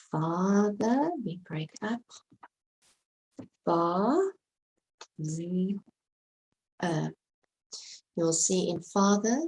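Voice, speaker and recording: A woman teaching a slow, careful vocabulary lesson, patiently sounding out and spelling words letter by letter. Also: medium pitch, a little mellow, rough recording. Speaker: English teacher.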